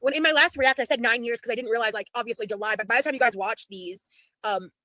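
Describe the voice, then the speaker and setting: A woman in her thirties chatting casually as she reacts to her own old videos, rambling and quick. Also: a little high, sharp tone, no echo, rough recording. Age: 30s.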